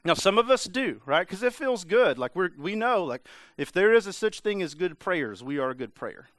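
A man's voice: sits high, big pitch swings, normal speed, fairly bright tone, no room sound. A man preaching a casual, conversational sermon, full of "like" and playful mimicry of voices. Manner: conversational, lots of filler "like", mimics voices for humor. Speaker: pastor.

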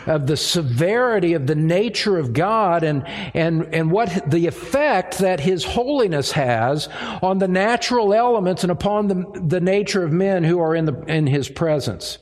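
A man preaching an expository sermon, speaking deliberately and repeating words as he finds his phrasing. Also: sits high, animated. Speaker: pastor.

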